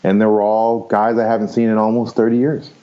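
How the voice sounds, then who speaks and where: A man's voice: on the low side, little pitch movement, fairly quick, warm tone, dull audio. A man in his fifties, a podcast guest candidly recounting his life in a rambling, frank way, swearing casually and laughing easily. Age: 50s. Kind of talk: candid storytelling interview.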